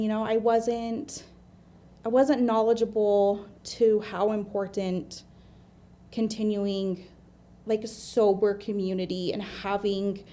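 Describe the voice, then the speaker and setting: A woman in her thirties with an American accent speaks in a mellow, darker tone as an interview guest. She is open and earnest and often restarts her sentences. She talks in a plain, unhurried way. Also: mid-range voice. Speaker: guest, admissions medical assistant. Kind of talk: candid interview storytelling.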